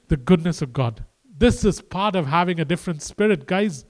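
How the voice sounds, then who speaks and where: A man preaching a conversational sermon, swinging between quiet and emphatic delivery and speaking to the crowd as "guys" and "man". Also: on the high side, expressive, moderate pace, few pauses. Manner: addresses listeners casually as "guys" and "man".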